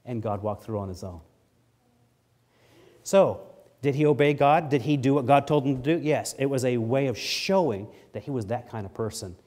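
A middle-aged man preaching a sermon, reading scripture aloud with swelling emphasis and dropping low for asides. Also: moderate pace, darkish tone. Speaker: pastor.

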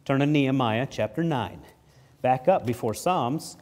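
A middle-aged man delivers a sermon in an expressive preaching manner. He reads scripture with rising force and lowers his voice for the asides. His voice sits at an ordinary middle pitch. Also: measured pace. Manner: expressive preaching, rises loud on scripture readings, drops low on asides. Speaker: pastor.

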